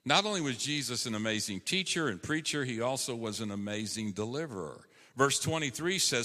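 A man's voice: medium pitch, lively intonation, fairly quick, few pauses, pushed and bright. A man preaching a sermon as a pastor, emphatic and conversational, rising on key phrases. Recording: long hall reverb.

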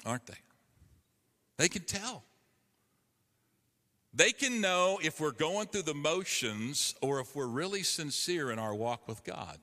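A man's voice: on the high side, lively intonation, a little slow, long pauses, bright, forceful tone, in a large hall. A man preaching a sermon to a congregation, emphatic and earnest, calling for responses. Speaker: pastor.

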